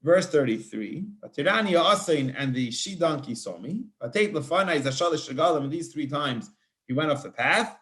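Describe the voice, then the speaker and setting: Chatty rabbi translating verse by verse. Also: male voice, a little high, lively intonation, normal speed, a bit bright. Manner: reads Hebrew phrases then translates, chatty with many restarts. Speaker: rabbi teaching scripture. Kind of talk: verse-by-verse Torah class.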